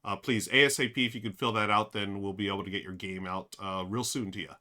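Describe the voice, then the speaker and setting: A man's voice: on the low side, fairly even intonation, fast talker, bright, forceful tone. A man streaming a board game, thinking aloud with many fillers and talking straight to his chat. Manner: addresses chat directly. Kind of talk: casual live-stream commentary.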